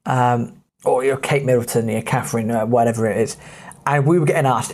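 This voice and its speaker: A man's voice: mid-range voice, fast talker, a little mellow. An English man with an English accent, telling a travel story in a chatty, rambling way as a podcast host. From England. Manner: chatty, rambling, with many fillers.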